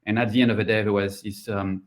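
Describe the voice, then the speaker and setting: A man giving an online conference talk, pausing often with ums and uhs. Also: fairly low pitch, flat delivery. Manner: hesitant, many ums and uhs. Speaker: conference speaker.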